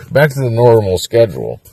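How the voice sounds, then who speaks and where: Husky, excitable man swearing freely. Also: medium pitch, dry recording. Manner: profane, excitable, rambling with frequent laughs. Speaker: former bandmate interviewed. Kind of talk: casual documentary interview.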